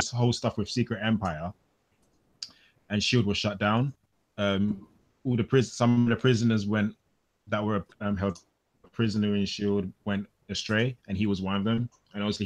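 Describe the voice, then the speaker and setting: A young man co-hosting a casual chat, retelling a story in a rambling, animated way. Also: lowish voice. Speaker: co-host of a comic podcast.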